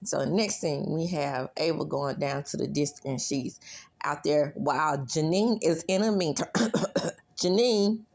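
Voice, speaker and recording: A woman recapping a TV episode in a chatty, animated way, laughing often and squealing when she quotes lines. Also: sits low, unhurried, vocal fry. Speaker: recap vlogger.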